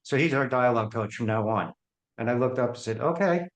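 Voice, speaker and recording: A man's voice: mid-range voice, fast. Man telling stories in an echoey room. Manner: animated, acts out the voices in his anecdotes. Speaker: guest. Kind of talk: storytelling in an interview.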